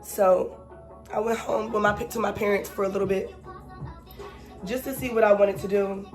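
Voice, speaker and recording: A young woman vlogger in casual chat, telling a personal story with animated, emphatic asides and exasperated repetition. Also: medium pitch, normal speed, faint music behind.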